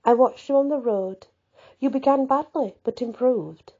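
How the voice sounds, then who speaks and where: A woman's voice: high voice, normal speed, dark tone, muffled recording, voice pushed up. A woman reading aloud, voicing a young female commander who speaks graciously but firmly.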